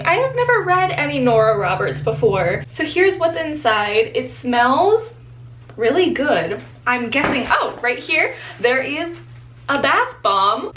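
A woman vlogging about books in a chatty, excitable way, filming at home. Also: a little high, a little hiss or hum. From Florida, USA. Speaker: book vlogger. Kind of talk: casual vlog chat. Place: home, partly outdoors.

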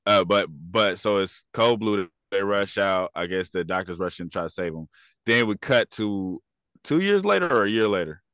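A man's voice: sits low, lively intonation, normal speed, fairly bright tone, no room sound, clean studio sound. A man co-hosting a movie review podcast in casual chat, retelling the plot and acting out the characters' lines. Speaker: podcast co-host.

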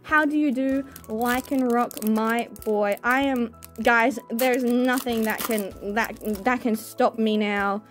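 Excitable high-voiced young woman. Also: slow pace, hardly any pauses, faint music behind. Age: young adult. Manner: excitable, gushing, squeals over good pulls. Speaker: card-opening vlogger. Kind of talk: casual chat while opening card packs.

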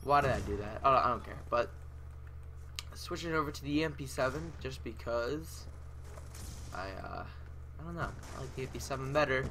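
A young man giving chatty commentary over his gameplay, often breaking into loud, raging yells, on a desktop mic at home. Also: medium pitch, a little fast, pauses often, a little hiss or hum. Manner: chatty, often bursting into yelling rage. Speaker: gaming channel host. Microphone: desktop USB mic with pop filter.

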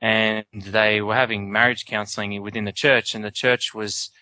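A man in his twenties talking casually on a panel, animated and full of restarts. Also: on the low side, normal speed, clear, resonant tone, no echo. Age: 20s. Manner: animated, many restarts and self-interruptions.

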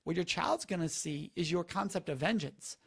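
A man's voice: a little high, normal speed, gravelly, fairly bright tone, husky. A man on a live stream giving earnest, instructive advice and repeating the key words for emphasis. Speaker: speaker on preventing sexual assault, talking to a live audience.

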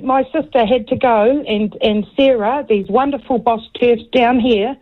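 Excitable woman calling in, tinny phone line. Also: fairly high pitch. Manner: emphatic, agitated and excitable. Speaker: caller. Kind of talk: call-in talk radio.

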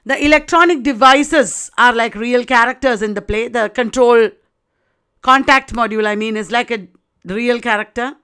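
A woman's voice: a little high, fairly bright tone, smooth. A woman literature lecturer explaining a play, addressing students with rhetorical questions.

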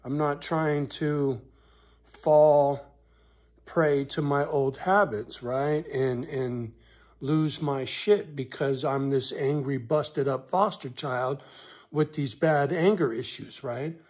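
Man, vlogger venting on camera, swears freely, talks slowly with long pauses. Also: fairly high pitch, steady tone. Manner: blunt, swearing, repeats "right?", voice swells loud when angry then drops quiet and soft; slow, deliberate delivery with pauses. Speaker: vlogger on his rural property. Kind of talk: emotional personal vlog, talking to camera.

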